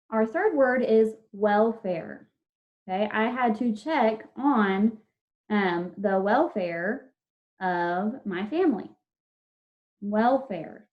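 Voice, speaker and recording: A woman teacher giving an online spelling lesson over a video call, dictating words slowly and drawn out, patient and encouraging with her class. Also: medium pitch. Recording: dull lo-fi video call audio.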